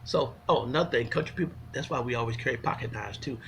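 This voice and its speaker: Gravelly man telling funny stories. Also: mid-range voice, quick pace, slight background noise. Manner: folksy, animated, swinging from loud to hushed. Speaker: storyteller. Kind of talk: comic storytelling monologue.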